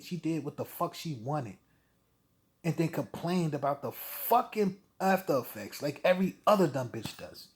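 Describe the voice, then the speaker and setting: A man venting in a heated, profane rant to camera, blunt and full of swearing. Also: a little high. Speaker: vlogger.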